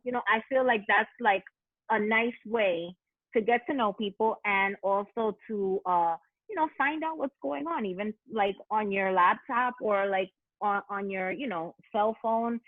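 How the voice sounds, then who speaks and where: A woman's voice: mid-range voice, a little slow, no room sound. A young woman speaking casually on a video call panel, full of "like" and "you know". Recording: tinny phone-like line, dry.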